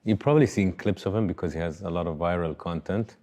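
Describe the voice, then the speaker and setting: Low, mellow-voiced male interview host. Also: fast talker. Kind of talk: conversational interview.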